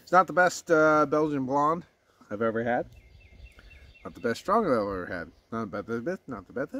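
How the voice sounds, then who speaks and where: Man, casual beer vlog, profane, rambling, self-correcting, average pitch. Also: lively intonation, moderate pace, a bit bright, no echo. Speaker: beer reviewer.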